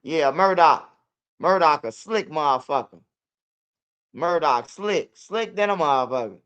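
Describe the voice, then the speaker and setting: A man's voice: fairly high pitch, lively intonation, measured pace, fairly bright tone, clean tone. A young man with a Chicago accent telling street stories in loose, profane casual talk. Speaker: interviewee. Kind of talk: casual storytelling.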